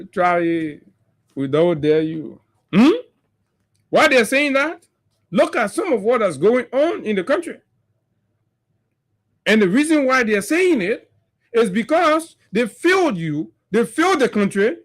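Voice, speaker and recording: A man with a Liberian English accent, hosting a radio talk show and delivering impassioned political commentary full of mockery and rhetorical questions. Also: high-pitched.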